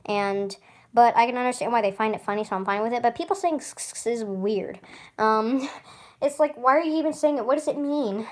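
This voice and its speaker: Woman vlogger, slightly high voice, casual rambling chat, frequent stutters and restarts. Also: fairly quick. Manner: chatty, rambling, with frequent laughs.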